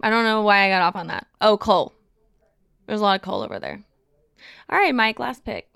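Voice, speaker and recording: A woman's voice: mid-range voice, big pitch swings, brisk, vocal fry, fairly bright tone, smooth, no room sound. A woman from Kentucky hosting a casual podcast chat, joking and laughing often. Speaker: podcast host.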